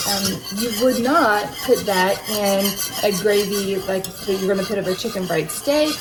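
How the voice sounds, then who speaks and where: A woman's voice: mid-range voice, moderate pace, hardly any pauses, noisy background. A middle-aged woman chatting through a cooking demonstration in her home kitchen, explaining each step as she goes. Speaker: home cook demonstrating a recipe. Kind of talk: casual cooking tutorial.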